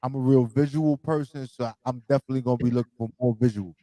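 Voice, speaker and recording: A man's voice: mid-range voice, steady tone, quick pace, warm tone, no echo. A man from New York hosting a casual radio interview, laughing easily and repeating words as he talks. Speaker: radio show host.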